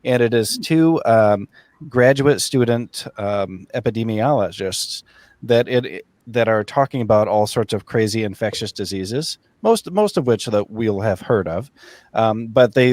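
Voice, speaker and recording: A man's voice: fairly low pitch, normal speed, a little mellow, dry recording. A man hosting a casual author chat over a video call, talking with chatty enthusiasm and laughing often.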